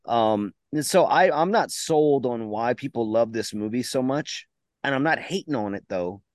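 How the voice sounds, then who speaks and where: A man's voice: medium pitch, expressive, moderate pace, no echo, clean studio sound. Joking man rambling on tangents. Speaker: podcast co-host. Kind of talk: casual podcast chat.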